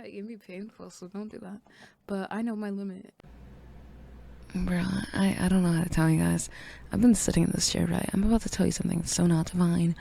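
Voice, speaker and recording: Crude joking woman, gravelly low tone. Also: dark tone. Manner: crude, joking, often half-whispered. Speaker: streamer. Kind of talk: casual live-stream chat.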